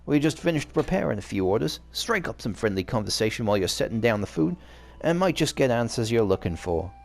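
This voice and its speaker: A man's voice: mid-range voice, big pitch swings, brisk, vocal fry. A man reading aloud the lines of a friendly male cafe owner in a game, in a loose put-on accent.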